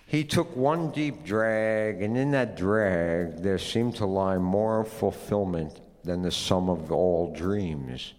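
Deep-voiced male narrator, measured and wry, long reverb. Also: darkish tone. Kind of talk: literary story reading.

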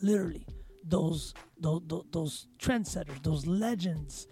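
A man's voice: fairly high pitch, a little slow, dark tone, soft background music. A man hosting a casual podcast, giving opinionated commentary with passion and emphatic repetition. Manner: passionate, emphatic, repeats words for stress.

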